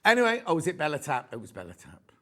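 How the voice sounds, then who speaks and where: A man's voice: on the high side, huge pitch swings, fast, sharp tone. A man with a Yorkshire accent presenting a live shopping show, gushing and rambling in easy chat. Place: TV studio.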